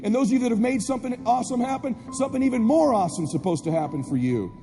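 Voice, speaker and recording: A man giving a fiery motivational speech to a live audience, hammering the same lines over and over and at times shouting. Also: extremely high pitch, lively intonation, racing. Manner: insistent, repetitive exhortations, bursts of shouting. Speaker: motivational speaker. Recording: echoey hall, music underneath.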